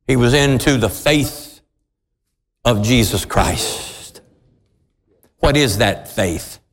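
A man preaching a sermon in a church, with fervent, drawn-out emphatic phrases. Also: mid-range voice. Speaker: pastor. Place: church sanctuary with congregation responses. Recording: long church reverb.

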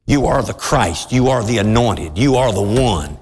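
Man, pastor, sermon, animated swooping pitch, long church reverb. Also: slight background noise. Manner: preaching with rising fervor, drawn-out emphatic phrases. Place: church sanctuary with congregation responses.

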